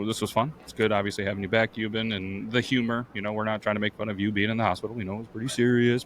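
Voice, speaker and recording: A man's voice: lowish voice, a bit bright, a little hiss or hum. A man hosting a podcast in casual, crude banter, joking and laughing often as he tells stories. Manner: joking, laughs a lot, acts out quoted voices. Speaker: podcast host.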